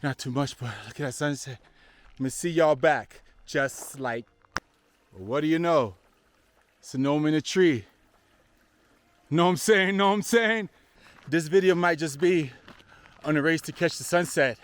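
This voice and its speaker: A man's voice: fairly high pitch, normal speed. A man hiking outdoors and talking to his handheld camera, out of breath, chatty and joking, calling his viewers y'all. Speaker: hiking vlogger. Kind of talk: casual vlog talk to camera. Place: outdoors on a mountain trail.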